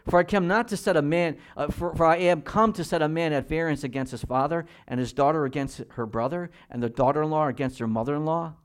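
A man preaching a sermon as pastor, reading scripture slowly and swinging between quiet, measured emphasis and loud, high-pitched exhortation. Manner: reads scripture slowly and deliberately.

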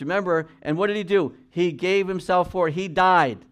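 Slightly high-voiced male pastor preaching. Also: clean tone. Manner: conversational preaching, reads scripture aloud slowly. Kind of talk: sermon.

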